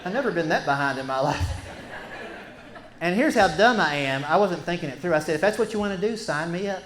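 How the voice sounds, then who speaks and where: A middle-aged man doing a folksy, animated stand-up story, acting out what he and his wife said. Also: sits high, a little fast. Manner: folksy, animated, acts out quotes. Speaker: stand-up comedian. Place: stage before a live audience. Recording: echoey room with background noise.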